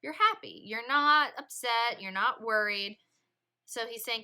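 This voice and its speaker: A woman teacher leading a read-along literature lesson, explaining in a lively, chatty way. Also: fairly high pitch, unhurried, clean tone. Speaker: English teacher.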